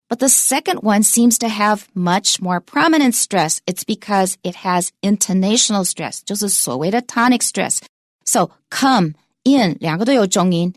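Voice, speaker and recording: A woman teaching English pronunciation in a bilingual lesson, demonstrating stress with clear, emphatic example sentences. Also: medium pitch, dry recording, clean studio sound.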